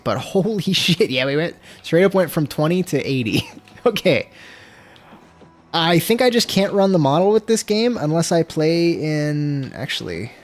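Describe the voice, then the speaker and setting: A streamer chatting casually with viewers during a gameplay livestream, swearing freely and breaking into frustrated outbursts. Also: mid-range voice. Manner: laid-back, talks to chat.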